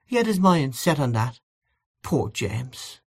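A woman's voice: very deep voice, big pitch swings, slow, breathy edge, voice pushed up, exaggerated voice. A man voicing a grieving elderly housekeeper who rambles in a wistful, confiding way. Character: grieving elderly Irish housekeeper, gossipy and plaintive.

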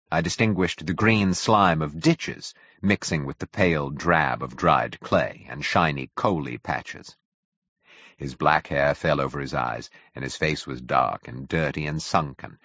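A man reading a classic novel aloud as narrator, in measured, even storytelling. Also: sits low, slightly rough, dry recording. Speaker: audiobook narrator. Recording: dull, dry audio.

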